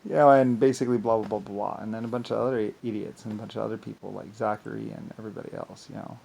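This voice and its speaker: An angry man talking in a rambling monologue, repeating himself, restarting often and swinging between loud bursts and mutters. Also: on the low side, steady tone, rapid-fire, creaky, slight background noise. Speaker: vlogger.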